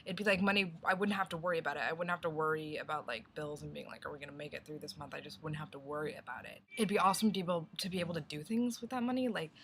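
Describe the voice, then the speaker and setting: A woman's voice: deep voice, racing, few pauses, fairly bright tone, a little hiss or hum. A young woman vlogging a casual video response, rambling and thinking aloud with many "like"s.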